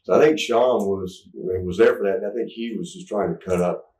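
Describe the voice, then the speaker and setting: A man's voice: sits low, moderate pace, a little mellow. A middle-aged man telling a rambling, stop-start story in a candid interview. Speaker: interview guest. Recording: echoey room, distant mic.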